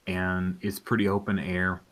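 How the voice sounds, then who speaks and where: Casting: lower-voiced man running a tabletop game, easygoing narrator. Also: unhurried. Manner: relaxed, meandering narration. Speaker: game master.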